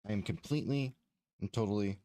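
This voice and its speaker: A man's voice: on the low side, quick pace, mellow, no echo. A man streaming his game development, chatting casually in a rambling, profane, exasperated way. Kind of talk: casual livestream chat.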